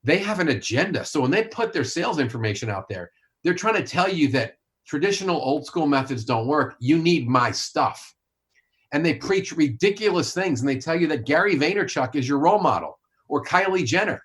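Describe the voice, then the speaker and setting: A man's voice: fairly high pitch, animated, a little fast, fairly bright tone. A man talking as a sales coach and author in a podcast interview, blunt, emphatic and opinionated.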